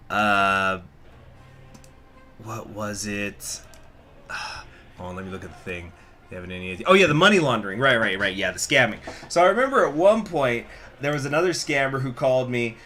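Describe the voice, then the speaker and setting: A gaming channel host plays a strategy game while offering casual commentary, telling rambling, chatty stories and reading chat. His voice is fairly low, bright and forceful.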